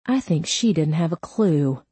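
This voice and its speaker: Audiobook story. A woman reads a hard-edged female detective, calm and quietly menacing, her voice low and unhurried. The sound is dry and close. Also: breathy edge, no echo, exaggerated voice. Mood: cool. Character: cool, tough female police detective.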